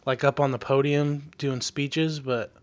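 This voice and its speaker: A man's voice: medium pitch, flat delivery, unhurried. A man co-hosting a podcast, chatting in an easygoing, agreeable way. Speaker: podcast co-host. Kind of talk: casual chat.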